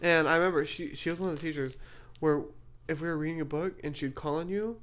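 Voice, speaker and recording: A woman's voice: sits low, quick pace. A young woman co-hosting a podcast, telling school memories in blunt, casual chat with swearing. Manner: blunt, swearing, laughing storyteller. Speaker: podcast co-host.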